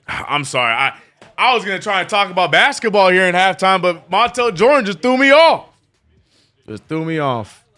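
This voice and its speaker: A man hosting a live sports watch-along, chatting casually and excitably with lots of slang and repeated "bro". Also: high voice, moderate pace. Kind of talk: casual live-stream chat.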